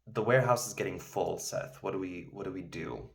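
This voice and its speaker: A man voicing a confused, obedient male warehouse manager in his story, quietly puzzled. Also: low-pitched, a little fast, vocal fry. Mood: worried.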